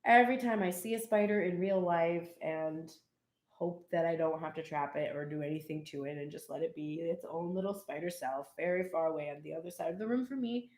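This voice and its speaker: A woman giving a casual live tarot reading, chatty and animated, with frequent laughs and cheeky asides. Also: low voice, fairly quick, roomy sound. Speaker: tarot reader.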